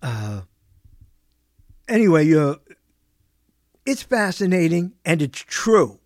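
Speaking a little slowly, a male radio host with a high-sitting voice and big pitch swings chats on a live talk show. The studio microphone gives clean sound with no room tone, and his talk wanders off on tangents, often cut off mid-sentence.

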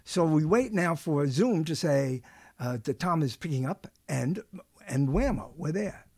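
A man's voice: on the high side, animated, measured pace, darkish tone, no echo, clean studio sound. A man hosting a talk show, chatting casually in a rambling, joking way with lots of fillers and restarts.

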